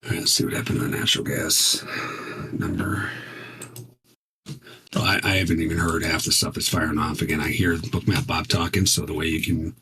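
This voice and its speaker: A man with a bass voice teaches futures trading as he trades live, speaking briskly in a level, sharp tone with long pauses. He's casual and emphatic, checking in with "right?" again and again. A little hiss or hum sits under the recording.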